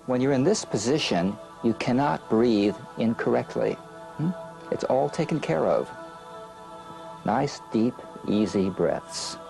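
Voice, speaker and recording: A man coaching a student through a relaxation and breathing exercise, giving calm, slow instructions with gentle prompts. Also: mid-range voice, gravelly.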